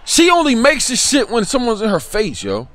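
A young man, commentating his own basketball video game, cursing and yelling at teammates. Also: very high-pitched, moderate pace. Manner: profane, excitable, yells at teammates. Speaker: gaming YouTuber. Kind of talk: live gameplay commentary.

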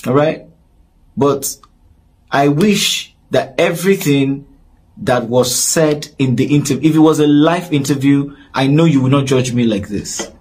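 Facing the camera, this Nigerian public figure pleads earnestly for forgiveness from his audience, going back over the same words again and again. His voice is mid-range, with a darkish, slightly rough tone.

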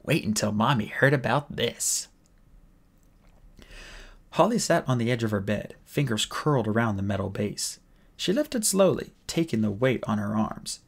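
A man reading a novel aloud as an audiobook, with steady, plain storytelling. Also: mid-range voice, moderate pace, vocal fry. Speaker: audiobook reader.

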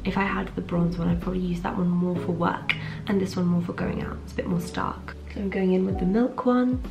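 Chatty young woman with a gravelly voice. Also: fairly low pitch, steady tone, fairly quick, music in the background, poor audio. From London. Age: 20s. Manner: chatty, upbeat, lots of fillers like "like". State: groggy morning voice. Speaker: trainee surgeon and vlogger. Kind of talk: casual vlog chat. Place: at home getting ready.

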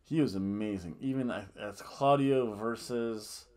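A man's voice: on the low side, a little slow. Rambling, jokey man reviewing wrestling. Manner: rambling, animated, laughs often; jokey booing and mock outrage. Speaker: podcast host. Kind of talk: casual wrestling review chat.

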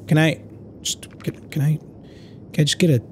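A man giving let's play commentary as he plays, joking around in a crude, excitable way. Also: fairly high pitch, moderate pace, a little hiss or hum. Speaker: gamer.

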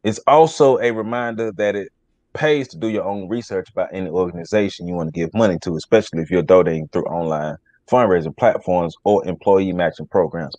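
Brief: low-voiced male podcast host, dry close sound, easygoing delivery. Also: darkish tone, no room sound. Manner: laid-back, reads news aloud. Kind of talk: casual podcast talk.

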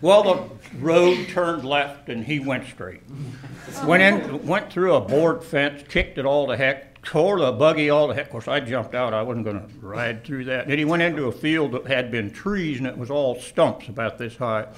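An older man telling a personal anecdote in an animated way, laughing and shouting at the exciting moments. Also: medium pitch, moderate pace. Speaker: storyteller.

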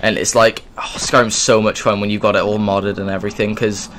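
A man's voice: fairly low pitch, little pitch movement, fairly quick, a bit bright, a little hiss or hum. A man doing casual let's play commentary, rambling along with sudden exclamations. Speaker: gaming YouTuber.

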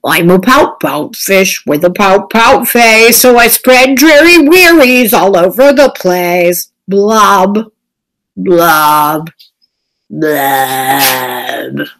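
A woman's voice: medium pitch, expressive, extremely slow, fairly bright tone, full character voice, low-quality recording. A woman voicing a glum, gloomy male fish who chants his gloom in a sing-song and sobs out his blubs.

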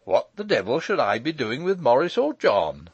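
A man's voice: mid-range voice, wildly swooping pitch, moderate pace, breathy edge, no echo, muffled recording, full character voice. A man reading the part of a breezy, good-humoured young lawyer with a teasing manner. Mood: jaunty.

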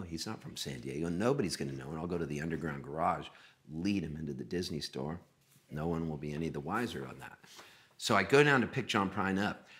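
A middle-aged man tells a rambling anecdote in a casual, animated way. His voice sits a little low but rings bright and forceful. He slips into the other people's lines as he retells the conversation. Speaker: musician guest telling a story. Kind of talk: casual storytelling.

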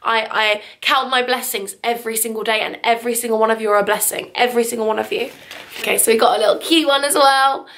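A woman's voice: a little high, steady tone, fast talker, a bit bright. A young English woman vlogging, gushing and tearful as she talks to her viewers. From England. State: teary. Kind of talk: emotional vlog chat.

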